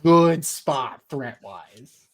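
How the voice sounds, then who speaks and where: A woman with a lowish voice who talks slowly and calmly. She gives a measured, analytical take as a podcast co-host. Casual chat, unhurried.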